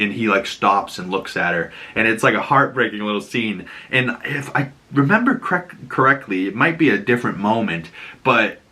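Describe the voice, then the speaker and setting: A man hosting a casual TV episode breakdown, talking excitedly in a rambling way and cracking crude jokes, with a Boston accent. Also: on the low side. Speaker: video host.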